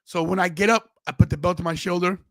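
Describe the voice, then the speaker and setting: Gravelly rambling male podcast host. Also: sits high, fairly even intonation, fast, no echo. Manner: rambling storyteller with many restarts. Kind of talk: casual chat.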